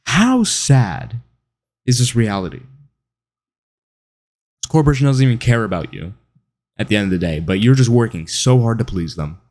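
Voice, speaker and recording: A man's voice: mid-range voice, big pitch swings, normal speed, pauses often, a little mellow. A man delivering an opinionated, mocking monologue, now and then mimicking other people in whiny voices. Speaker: online commentator. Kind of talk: monologue to camera.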